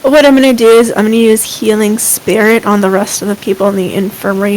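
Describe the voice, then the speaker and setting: A woman playing a tabletop game, stating her character's actions briskly and directly. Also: mid-range voice, steady tone, a little mellow, a little hiss or hum, poor audio. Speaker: player.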